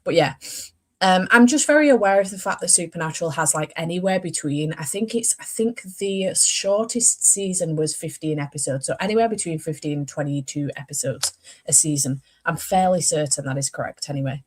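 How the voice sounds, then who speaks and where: Young woman, casual book vlogger, chatty and rambling, self-correcting, slightly low pitch. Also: fairly quick. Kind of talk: casual chat.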